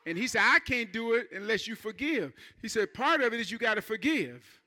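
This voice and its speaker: With a very high voice, big pitch swings and a sharp tone, a male pastor delivers an informal sermon, quickly acting out church members for the congregation.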